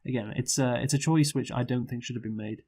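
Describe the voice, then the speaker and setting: A man who co-hosts a podcast and reviews films speaks at a quick pace in a normal mid-range male pitch. His relaxed review chat is rambling and profane, with plenty of fillers like "you know" and "like" and frequent stumbling restarts.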